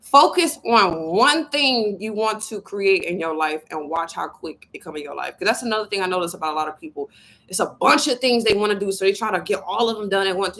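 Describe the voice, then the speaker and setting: Blunt, profane woman with gravelly edge. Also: lowish voice, a little hiss or hum, rough recording. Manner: blunt and profane, storytelling with lively quoted voices. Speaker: spiritual vlogger. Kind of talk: casual motivational talk to viewers.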